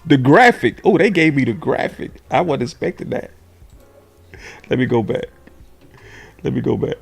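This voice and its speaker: Male sports host, animated, loud on emphasis, dry close sound. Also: medium pitch, moderate pace, creaky, long pauses, slightly rough, dry recording, soft background music. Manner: animated, shouts key words, talks to his audience. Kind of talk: casual sports film breakdown.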